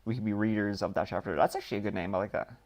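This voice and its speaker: An Irish man from Dublin chats through viewer questions on a live stream. His voice sits a little low, and he drifts through his answers with frequent ums and loose asides. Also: very fast, darkish tone. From Ireland. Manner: rambling, reads questions aloud then answers with many ums. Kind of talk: casual live-stream chat.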